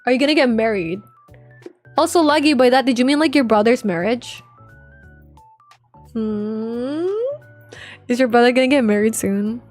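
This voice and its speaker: A young woman chats casually with viewers on a livestream, rambling and packing her talk with filler words and slang. Her voice is fairly high and a little mellow, at normal speed with long pauses, over soft background music.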